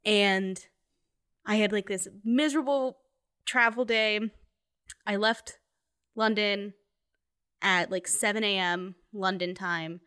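A woman's voice: mid-range voice, slow, long pauses, sharp tone, smooth. A young woman chatting casually and telling a long personal anecdote. She talks in a loose, rambling way with lots of fillers. She keeps breaking into laughing asides. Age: young adult. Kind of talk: casual chat.

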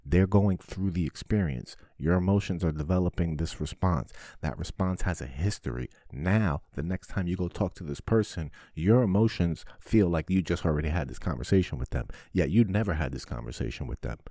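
A podcast host with a very low voice, recorded dry and close to the mic. He talks in a loose, blunt monologue, swearing often and acting out the scenes he describes. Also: a little fast, few pauses, no echo. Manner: blunt, profane, animated storytelling. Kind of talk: casual monologue.

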